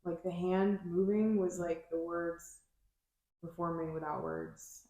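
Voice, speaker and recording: A woman's voice: lowish voice, steady tone, slow pace, warm tone. A woman podcast host in casual chat, rambling and searching for her words with many fillers. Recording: very echoey room.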